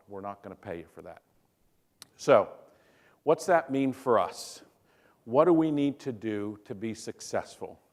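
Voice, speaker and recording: A middle-aged man, a physician, giving a conference talk in a joking, storytelling way and putting questions to the audience. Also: lowish voice. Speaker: physician speaker.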